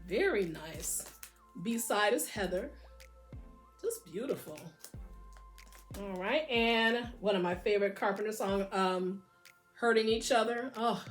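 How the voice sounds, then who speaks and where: A middle-aged woman casually showing off her vinyl singles, enthusiastic and gushing, now and then singing a line along. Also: medium pitch. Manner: enthusiastic, gushing, breaks into short sung snippets. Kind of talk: casual record show-and-tell.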